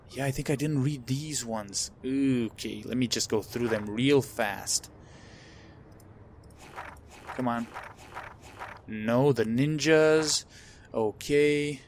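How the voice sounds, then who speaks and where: A man's voice: mid-range voice, slight background noise. A man playing a story game for a let's play video, reading the on-screen texts aloud with casual asides and fillers.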